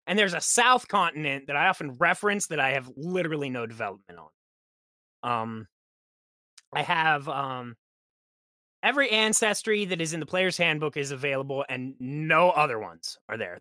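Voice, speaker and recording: Bright, lively man telling game stories. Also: a little high, moderate pace, no echo. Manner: lively storyteller who acts out quoted characters. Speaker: guest game master. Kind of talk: casual podcast chat.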